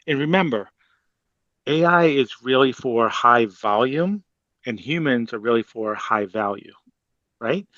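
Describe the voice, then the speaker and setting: A man with a Boston accent speaking on a webinar panel, in an animated, emphatic conversational way. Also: medium pitch, a little slow, no room sound, lo-fi sound.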